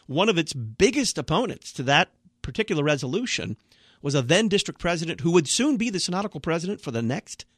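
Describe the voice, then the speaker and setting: A man's voice: on the high side, a bit bright, no echo, studio quality. A man, a Lutheran pastor, speaking as a guest on a radio talk show, earnest and emphatic with a blunt manner.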